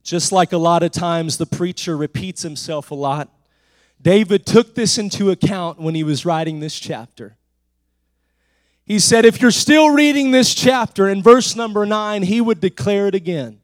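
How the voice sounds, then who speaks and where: A man preaching a sermon in a church, rising to shouted declarations with "uh" between phrases and falling back to soft, low talk. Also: animated, moderate pace, no room sound. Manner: drops to soft, low speech between climaxes.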